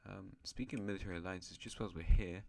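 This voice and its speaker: A man's voice: sits low, fairly even intonation, fast, gravelly, darkish tone. A man hosting an alternate-history map series, narrating in a rambling, chatty way with self-mocking asides. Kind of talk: casual map-game commentary.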